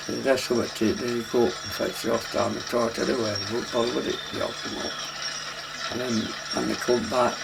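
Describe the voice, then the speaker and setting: Older man, gravelly voice, rambling dialect reminiscence, noisy hiss behind. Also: medium pitch, steady tone, brisk. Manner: plain dialect speech, loosely strung recollections. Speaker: interviewee recalling travelling life. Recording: noisy documentary recording.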